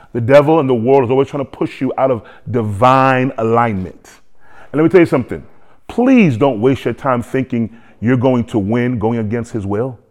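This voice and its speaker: A man preaching a sermon to a congregation, lively, with joking asides and repeated phrases. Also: mid-range voice. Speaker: pastor.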